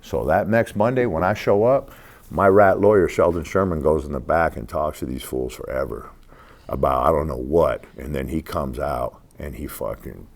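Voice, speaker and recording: A man in his sixties with an extremely low voice sits for an interview and tells his story like he's at the bar. He swears freely and casually, and he acts out the people he talks about. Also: normal speed, gravelly. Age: 60s. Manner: profane, streetwise. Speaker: interview guest.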